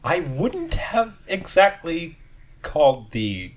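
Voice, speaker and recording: A man's voice: a little high, huge pitch swings, takes it slowly, crowd noise. A man co-hosting a car podcast, mostly giving short reactions and dry remarks. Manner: brief reactions, dry quips. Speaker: podcast co-host. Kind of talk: casual podcast chat.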